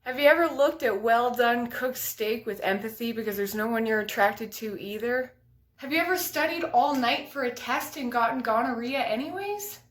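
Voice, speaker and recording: Deadpan young woman in an echoey room. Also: on the high side, normal speed. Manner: deadpan absurd one-liners. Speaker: comedian. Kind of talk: deadpan comedy sketch monologue. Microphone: household item used as a mic.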